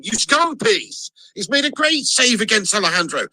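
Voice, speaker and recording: A man giving excitable, partisan live commentary on a football match as a fan, insulting the opposing side. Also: high-pitched, moderate pace, few pauses, dry recording, poor audio. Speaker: fan match watchalong streamer.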